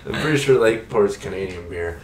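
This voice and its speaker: A man's voice: fairly low pitch, expressive, brisk, a little mellow. A young man hosting a casual podcast, joking and rambling. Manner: joking, rambling, doing silly voices. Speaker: podcast host. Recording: echoey room, distant mic, faint noise.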